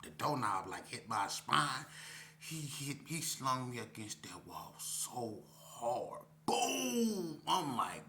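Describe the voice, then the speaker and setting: Man storyteller, low-pitched, bright and forceful tone, slangy and candid, with faint hum behind. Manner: slangy and candid, repeats himself, acts out dialogue. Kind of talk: casual spoken storytelling.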